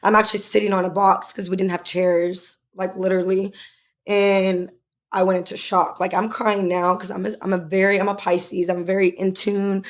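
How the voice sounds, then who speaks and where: A young adult woman co-hosting a podcast shares a personal story in casual chat that is emotional, at times tearful, and packed with fillers. Her voice is medium-pitched, flat in delivery, and at normal speed.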